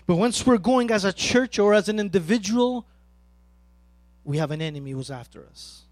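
A man preaching a sermon as pastor, emphatic and swinging between loud and soft. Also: sits high, no room sound.

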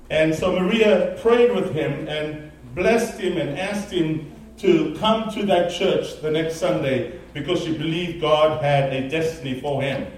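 A man preaching a sermon, telling a story with animated, emphatic delivery. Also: a little high, a little slow, slight background noise. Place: church sanctuary. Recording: very echoey, distant mic in a large room.

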